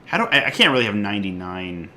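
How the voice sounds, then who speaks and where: A man streaming a card game live, chatting excitedly, laughing often and swinging from loud outbursts to quiet muttering. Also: on the low side, fast talker, a little hiss or hum. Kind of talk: live gameplay commentary.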